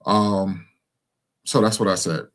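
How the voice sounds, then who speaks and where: A man's voice: low voice, fairly even intonation, slow. A young man talking to his followers in a casual, rambling monologue, full of fillers and restarts. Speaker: commentator speaking to his followers.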